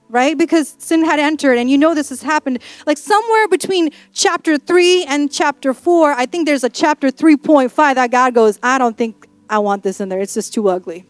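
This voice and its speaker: A woman pastor preaching a sermon in a playful, animated storytelling manner. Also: high voice, dry recording. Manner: sassy and emphatic.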